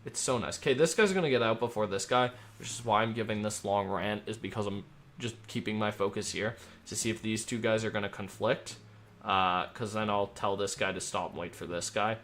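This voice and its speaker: A man streaming himself as an air traffic controller. He talks in an upbeat, rambling way between crisp radio calls. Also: fairly low pitch, a little fast, fairly bright tone. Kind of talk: live-stream commentary mixed with radio phraseology.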